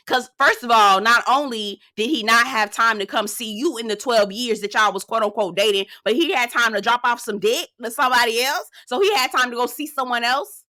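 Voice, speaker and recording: A woman's voice: a little high, moderate pace, few pauses, pushed and bright, no room sound, clean studio sound. A woman hosting a casual, sassy recap of a reality show, talking straight to her viewers.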